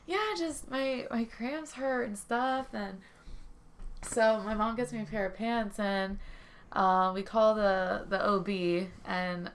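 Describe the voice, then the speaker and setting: Bright, clear-voiced young woman chatting. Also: mid-range voice. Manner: chatty, rambling, laughs easily. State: stuffy from a head cold then. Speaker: co-host telling a birth story. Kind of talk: casual storytime chat.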